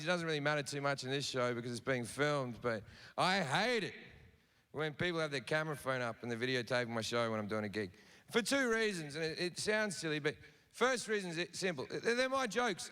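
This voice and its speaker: A man's voice: a little high, bright, forceful tone, clear, resonant tone. An Australian man doing a stand-up comedy set, telling a story in a profane, conversational way. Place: live comedy venue. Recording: live show with audible crowd noise.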